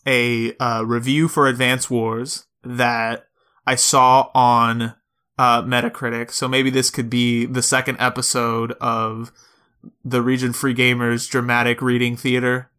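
A man co-hosting a podcast in casual chat, talking loosely with fillers and quick laughs. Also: mid-range voice, flat delivery, bright, forceful tone, clear, resonant tone. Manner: chatty, laughs easily, lots of fillers. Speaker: podcast co-host.

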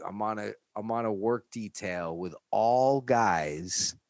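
Man, from New York, gravelly, low voice, profane rambling storyteller, dry close mic. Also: no room sound. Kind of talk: casual storytelling chat.

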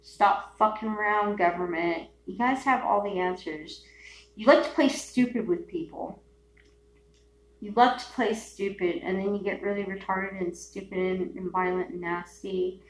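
A woman hosting a solo podcast, ranting in a rambling, profane way, dropping to mutters and then bursting into shouts. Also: mid-range voice, unhurried. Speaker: podcast host. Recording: echoey room with faint hum.

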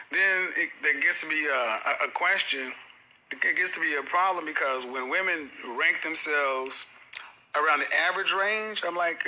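A man's voice: a little high, bright, forceful tone, low-quality recording. A middle-aged man hosting a casual panel talk show, speaking emphatically and tossing out joking one-liners. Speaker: podcast host.

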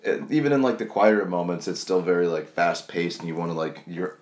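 A man with a very low, deep voice, talking in a laid-back and halting way on a casual podcast. The sound is roomy and echoey. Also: a little mellow. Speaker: podcast co-host. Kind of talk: casual book-club chat.

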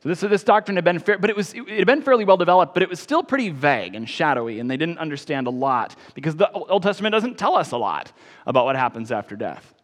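A man preaching a sermon as pastor, emphatic, rising on key phrases and then dropping soft. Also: on the high side, very animated, fast, in a large hall.

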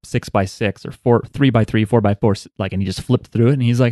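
A man's voice: on the low side, fairly even intonation, fast, dark tone, dry recording, studio quality. A man co-hosting a casual podcast discussion, joking and swearing casually. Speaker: podcast co-host. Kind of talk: casual chat.

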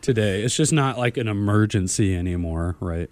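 Mellow, joking man co-hosting radio. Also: on the low side, normal speed, no echo. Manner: animated, joking storyteller. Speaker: radio co-host. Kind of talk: casual radio chat.

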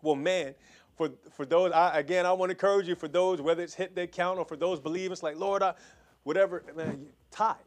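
A man preaching, praying fervently over his listeners and appealing for an offering, with many repeats and quick restarts. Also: sits high, fairly even intonation. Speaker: pastor.

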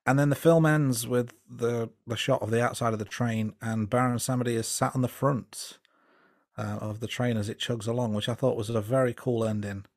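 A man co-hosting a casual film review podcast, relaxed and hesitant, with plenty of fillers and restarts. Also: mid-range voice, moderate pace, no echo, studio quality. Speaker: podcast co-host.

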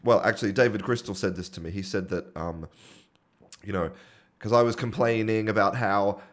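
A man hosting an interview, enthusiastic but halting, with many restarts. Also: lowish voice, fairly even intonation. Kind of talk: conversational interview.

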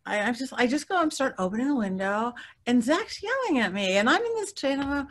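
Middle-aged lady psychic telling her stories in an interview, animated, laughs a lot, does the other voices. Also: sits high, fairly quick. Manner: lively, laughs often, acts out quoted voices. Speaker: guest psychic.

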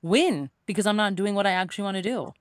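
A woman's voice: medium pitch, quick pace, no room sound, clean studio sound. A young woman, a podcast host and coach, chatting casually and telling stories, acting out other people's voices as she goes. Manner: animated storytelling, acts out quoted voices. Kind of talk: casual conversational podcast chat.

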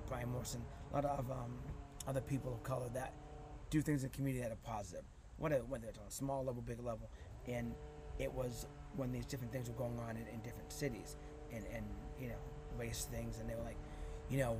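A man talks quickly as an interview guest, jumping from one thought to the next with plenty of fillers and restarts. His voice sits at a medium pitch for a man. The recording carries a clear layer of noise and passing vehicles. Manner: animated, rapid, full of fillers and restarts. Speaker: guest, community vlogger. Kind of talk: casual interview storytelling.

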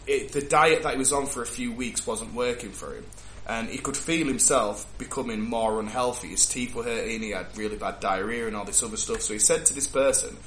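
A man chats loosely on a podcast, circling back and restarting his sentences as he tells a story. His voice is bright and forceful, and it rings in a roomy space. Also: mid-range voice, slight background noise. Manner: rambling, restarts often, animated storyteller. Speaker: podcast co-host. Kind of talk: casual chat. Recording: roomy echo.

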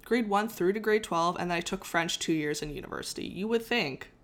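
A young woman with a lowish voice talks fairly quickly in casual conversation. She tells a history story chattily, laughing often and trailing off before restarting.

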